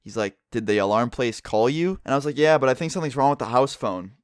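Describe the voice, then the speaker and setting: A young man telling a casual storytime vlog story, animated and profane, acting out the quotes. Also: medium pitch, quick pace, clear, resonant tone, no room sound, studio quality. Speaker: vlogger.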